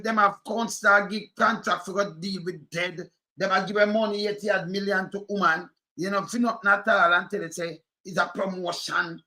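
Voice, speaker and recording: A man's voice: sits high, sharp tone. A Jamaican man giving a blunt, emphatic political rant in patois. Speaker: political commentator. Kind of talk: animated commentary rant.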